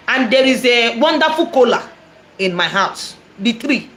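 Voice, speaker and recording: Nigerian woman, prophetess, animated repetitive storytelling, higher voice, faint background noise. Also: a little slow. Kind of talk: testimony storytelling.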